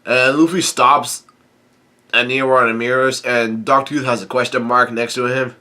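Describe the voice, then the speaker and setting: A man with a stuffy nose rambles through a casual comic read-through, breaking into laughs between fillers and restarts. His voice is bright and forceful. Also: mid-range voice, steady tone, moderate pace. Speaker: comic reader and commentator.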